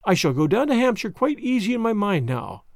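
A man's voice: sits high, very animated, fairly quick, dry recording, clean studio sound. A man voicing an anxious young woman in a storybook reading, with earnest, polite period speech.

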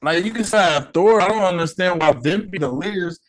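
Speaking briskly in a voice that sits high, this podcast host goes on a casual solo rant. He swears a lot, leans on slang, and his opinions run hot.

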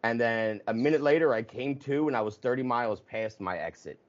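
A man hosting a casual conversation, telling stories in an animated way with swearing and laughs. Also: mid-range voice, a little fast, muffled recording. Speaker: podcast host.

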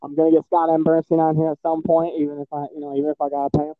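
A man's voice: on the high side, flat delivery, very fast, no room sound, phone-quality sound. A man from Michigan with a Midwestern American accent, hosting a podcast in casual, profane, rambling chat full of fillers. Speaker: podcast host.

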